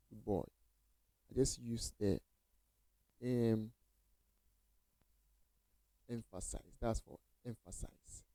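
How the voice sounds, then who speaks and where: A man's voice: lowish voice, creaky, mellow, dry recording, rough recording. A man teaching coding basics in a casual screen-share tutorial, repeating phrases and reassuring viewers with many okays.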